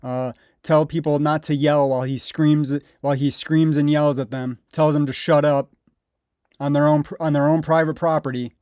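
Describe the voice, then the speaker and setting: A man's voice: a little high, flat delivery, normal speed, darkish tone, smooth, no echo, studio quality. A man giving sarcastic, indignant commentary over police bodycam footage. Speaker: video commentator.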